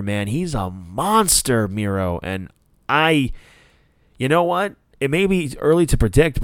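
A man hosting a wrestling talk show, giving a casual, animated recap with some swearing and quick acted-out bits of promos. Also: medium pitch, dry recording, studio quality. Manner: animated, profane, acts out promos in quick bursts. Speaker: wrestling podcast host.

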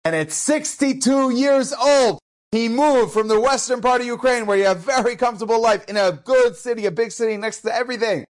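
A man telling a family story as an inspirational talk, animated and emphatic, acting out the people in it. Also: very high-pitched, brisk. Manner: animated, acts out the people in his stories; emphatic, punches key phrases. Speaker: inspirational speaker.

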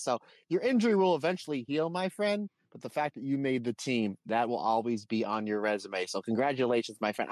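Man, podcast co-host, easygoing banter, middle pitch, dry close sound. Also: dry recording. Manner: jokey, friendly banter, calls people "my friend". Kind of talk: casual podcast chat.

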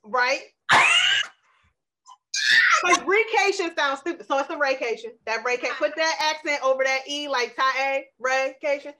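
A woman co-hosting a relaxed podcast, trading animated stories and playful wordplay. Her voice sits high and bright, and she laughs easily as she talks. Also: normal speed, hardly any pauses, a little hiss or hum. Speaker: podcast co-host. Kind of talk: casual chat.

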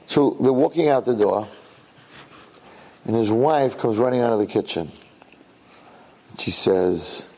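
Man telling a sermon story, kinda husky, chatty, keeps asking "right?". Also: medium pitch, lively intonation, a little slow, long pauses, mellow, low-quality recording. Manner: conversational, repeats himself, asks listeners questions.

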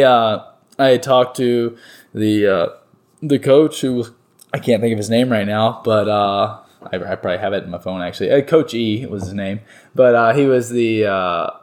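A young man from North Carolina, a baseball player, telling stories in a relaxed interview, rambling with lots of fillers and restarts. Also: on the low side. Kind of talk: casual interview storytelling.

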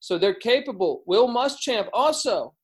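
A man with a notably high voice joins a betting podcast as a guest over a video call. He talks through his picks in a casual, rambling way, often restarting his sentences. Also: animated, unhurried, low-quality recording. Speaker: guest handicapper. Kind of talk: casual sports betting chat.

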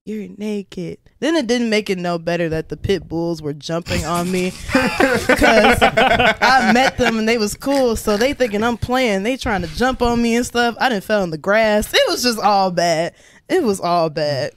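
A young woman as a podcast guest, telling a funny story in a casual, animated way, acting out the people in it in high voices and laughing often. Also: moderate pace.

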